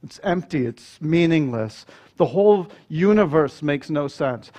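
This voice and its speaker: A man's voice: fairly high pitch, lively intonation, a little slow, dark tone. A man preaching a sermon, earnest and building to emphatic rhetorical questions.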